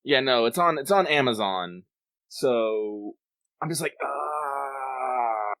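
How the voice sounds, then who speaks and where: A man co-hosting a casual gaming chat, relaxed, laughing often and trailing off mid-thought. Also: medium pitch, a little slow, no echo. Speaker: podcast co-host.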